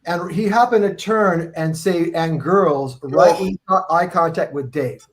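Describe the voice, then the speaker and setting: High-pitched guy on a video call, rambling animated storyteller, swears a lot. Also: a little slow, faint music behind. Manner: animated, rambling, profane, restarts. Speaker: musician guest telling tour stories. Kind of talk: casual storytelling on a live video stream.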